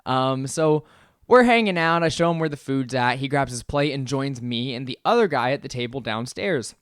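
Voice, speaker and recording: A young man co-hosting a podcast, telling a story in casual chat, lively and laughing often as he acts out what people said. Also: mid-range voice, moderate pace, clear, resonant tone, no room sound, studio quality. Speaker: podcast co-host.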